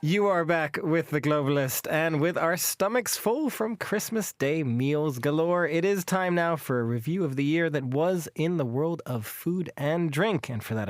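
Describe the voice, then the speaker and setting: A man's voice: a little high, dry recording. A man hosting a radio show in a studio, a friendly, joking interviewer.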